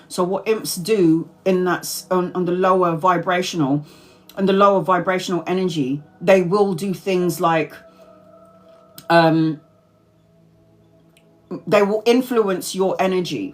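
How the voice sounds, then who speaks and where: Chatty, swearing tarot-reader woman. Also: medium pitch. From Brazil. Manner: chatty, swears casually, laughs often mid-sentence. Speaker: tarot reader hosting a live stream. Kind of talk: casual live-stream chat.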